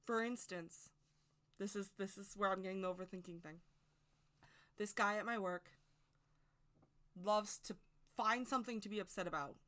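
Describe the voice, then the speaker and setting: A woman's voice: medium pitch, normal speed, long pauses, fairly bright tone. A woman giving a casual, rambling opinion monologue to camera as a witchcraft video creator, speaking emphatically and straight to her viewers.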